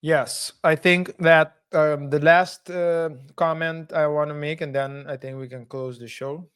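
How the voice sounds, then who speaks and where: A man co-hosting a casual commentary podcast, speaking haltingly, restarting sentences and chuckling often. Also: on the high side, steady tone, a bit bright, smooth. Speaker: podcast co-host.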